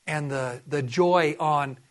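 High-voiced man preaching earnestly. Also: slow, a crowd in the background. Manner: earnest, urging, quotes scripture aloud. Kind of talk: sermon.

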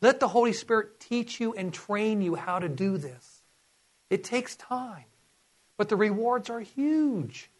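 A man's voice: high voice, expressive, a little slow. A man preaching a sermon, reading scripture and earnestly urging his listeners.

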